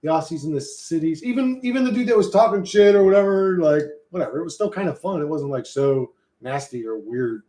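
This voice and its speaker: A man's voice: fairly high pitch, animated, a little fast, hardly any pauses, dark tone. A man streaming live, chatting loosely with his viewers in a rambling, profane, slangy way. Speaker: streamer reading and answering chat. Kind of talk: casual livestream chat. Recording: roomy echo.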